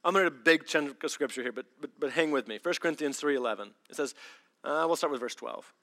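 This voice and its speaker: Male pastor, preaching; bright, slightly high voice; animated storyteller. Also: quick pace. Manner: animated storytelling, acts out voices with big swings. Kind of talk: sermon.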